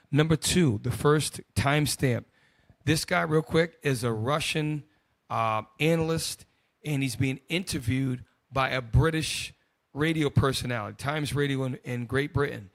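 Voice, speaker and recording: A man's voice: medium pitch, creaky, no room sound. A man hosting a group discussion, commenting bluntly and casually on news clips. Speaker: host.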